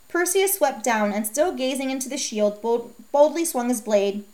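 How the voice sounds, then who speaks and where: A woman narrating a myth as a storybook reading, with a steady, measured delivery. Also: high-pitched.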